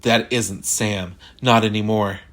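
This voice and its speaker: A man's voice: lowish voice, steady tone, takes it slowly, fairly bright tone. A man voicing a frightened, trembling middle-aged mother in a horror story reading, speaking shakily. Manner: shaky, fearful.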